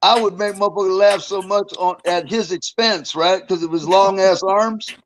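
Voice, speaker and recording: A man's voice: high voice, steady tone, moderate pace, rough recording. An older man in a casual interview, telling rambling, profane stories about his past and chuckling between them. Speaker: interview guest, former prisoner.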